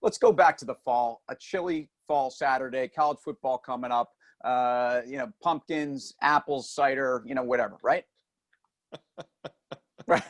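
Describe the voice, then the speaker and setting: A man's voice: medium pitch, a little slow. A man co-hosting a finance show, teasing his partner in casual, wisecracking banter. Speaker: co-host.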